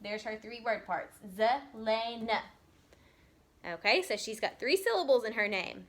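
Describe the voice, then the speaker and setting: A woman teacher giving a recorded lesson to young children, patiently stretching out words so they can be heard clearly. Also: a little high, sing-song. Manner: slow, patient, drawn-out sounding of words.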